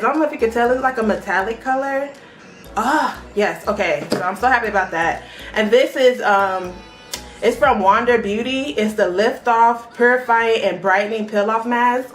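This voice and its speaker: A young woman chatting casually as a beauty vlogger, excitable and talking straight to her viewers. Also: a little high, moderate pace. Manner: chatty and excitable, often addresses the viewers directly. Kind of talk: casual unboxing chat. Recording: echoey room with faint background music.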